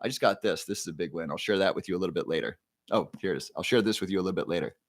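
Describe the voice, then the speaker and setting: A man's voice: sits low, very fast. A man of forty hosting a casual livestream, reading viewer comments aloud and greeting each by name in an upbeat way. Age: 40s. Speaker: livestream host.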